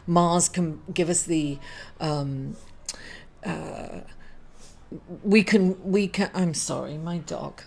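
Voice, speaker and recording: Middle-aged woman host, grieving, halting astrology talk to camera, apologetic, full of fillers and restarts. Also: low-pitched, creaky, darkish tone, a little hiss or hum. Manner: halting and apologetic, many fillers and self-corrections. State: grieving, emotional. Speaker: astrology reader and channel host. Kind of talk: casual weekly astrology reading to camera.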